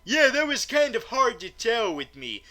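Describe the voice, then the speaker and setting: A man's voice: very high voice, sing-song, moderate pace, bright, forceful tone. A man giving a comedic, rambling movie review, stammering and restarting often and swearing casually.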